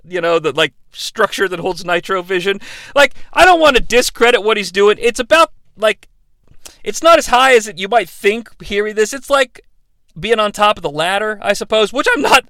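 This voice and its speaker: Bright-voiced, sarcastic man. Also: high voice, clean tone, no echo. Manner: sarcastic, swearing, jokey asides. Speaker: podcast host recapping a wrestling show. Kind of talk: casual comedic recap.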